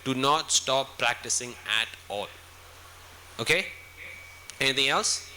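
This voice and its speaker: A man's voice: mid-range voice, a little slow, pushed and bright, a little hiss or hum. A man answering student questions at a school event, instructive and checking in often with "okay?". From India.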